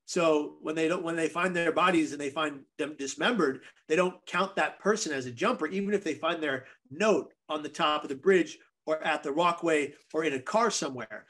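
A man's voice: on the high side, moderate pace, few pauses, a bit bright. A man guest on a podcast, telling a personal story in an earnest, vivid way.

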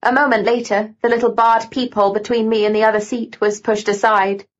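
A woman narrating a novel in first person with steady, even storytelling. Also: on the high side, fairly quick, dull audio. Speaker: audiobook narrator.

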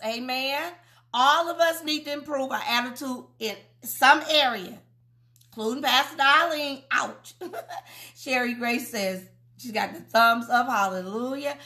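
A woman pastor preaching on a livestream, calling out praise, laughing often and reading viewers' comments aloud. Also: fairly high pitch. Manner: exclaims, laughs often, drawn-out calls of praise.

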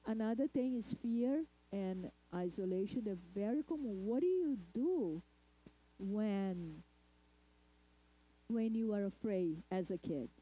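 A woman giving a lecture talk at a spiritist center, speaking deliberately and checking in with the audience. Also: medium pitch, animated, dark tone, slightly rough, rough recording. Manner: deliberate, asks the audience "okay?" often.

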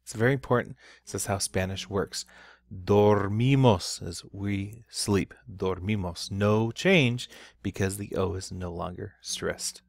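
A man's voice: sits low, unhurried, gravelly, no echo. A middle-aged man teaching a recorded online Spanish lesson, explaining patiently with repeats and restarts and stressing key sounds.

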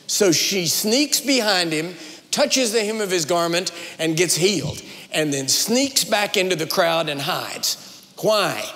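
High-voiced preacher in a reverberant hall. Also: male voice, fairly bright tone. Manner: dramatic preaching with rising emphatic runs and slowed pauses. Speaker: guest preacher. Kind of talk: sermon. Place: large church hall. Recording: long reverb of a large hall.

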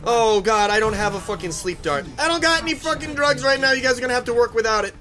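A man's voice: extremely high pitch, expressive, fast. A man giving frantic, profane commentary while playing a team shooter game. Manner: frantic, swearing, yelling at teammates. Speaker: gaming YouTuber. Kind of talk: live gameplay commentary.

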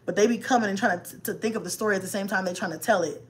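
A woman chatting casually with live viewers about raising kids, animated and slangy, cursing and laughing often. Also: medium pitch, very fast.

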